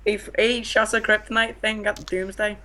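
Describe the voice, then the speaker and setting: A man's voice: high-pitched, little pitch movement, normal speed, bright, forceful tone. A man co-reviewing a film in casual chat, giving short, hesitant replies.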